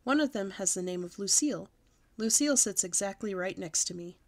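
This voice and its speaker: A woman at storytime, reading a children's book aloud in a lively, childlike first-person way. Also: medium pitch, brisk. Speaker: storytime reader.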